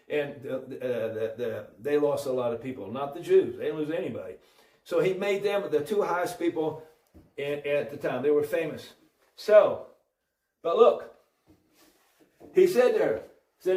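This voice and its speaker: A man telling a Bible story in an informal preaching style, animated and full of restarts. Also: a little high, normal speed, pauses often, distant mic. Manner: animated, acts out voices, many restarts. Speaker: religious storyteller. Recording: roomy audio from off-mic.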